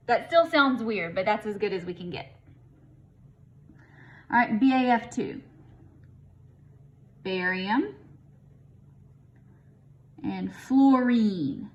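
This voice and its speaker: A woman's voice: mid-range voice, slow pace, long pauses, muffled recording. A woman explaining chemistry naming rules as a teacher, in a casual, chatty way that thinks aloud with a bit of humor. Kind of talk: recorded lesson explanation.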